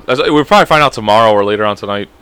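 A man's voice: lowish voice, very fast, smooth, dry recording. A man in his thirties, a podcast co-host, rambling and swearing his way through a casual story. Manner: rambling, profane, animated storytelling. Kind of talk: casual chat.

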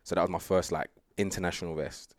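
Slight background noise sits under this fast, low voice of a young man. He's a guest sprinter chatting loosely in a casual interview, relaxed, rambling, laughing, and leaning heavily on fillers.

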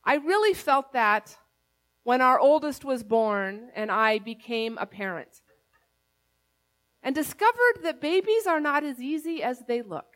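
A woman's voice: high-pitched, big pitch swings, measured pace, a bit bright. A woman pastor preaching a sermon, telling a personal story in a conversational, earnest way.

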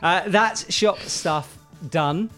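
A young man hosting a casual chat show, his voice sits a little high, and he keeps up light joking banter, poking fun at himself as he steers the talk along. it's relaxed, easygoing studio chatter. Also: extremely slow, soft background music. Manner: joking, self-deprecating banter. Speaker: show host.

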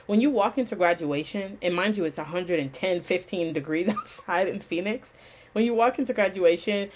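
Animated woman telling a story casually. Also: lowish voice. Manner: animated, repeats phrases, slangy and conversational. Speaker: vlogger and online college student.

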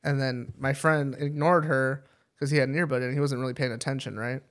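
A man's voice: medium pitch, steady tone, brisk, fairly bright tone. A young man co-hosting a podcast, telling a story in a rambling way with lots of fillers, swearing and laughter. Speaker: podcast co-host. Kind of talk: casual chat.

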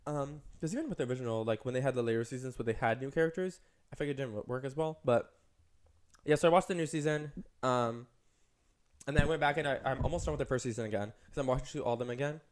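A man's voice: medium pitch, fast talker. A man co-hosting a podcast in casual chat, rambling with lots of "like" and "um". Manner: rambling, heavy use of "like" and "um". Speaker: podcast co-host.

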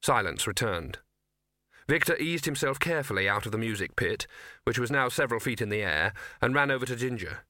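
Bright-voiced male audiobook narrator. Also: mid-range voice, expressive, no room sound, clean studio sound. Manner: measured storytelling. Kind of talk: scripted narration.

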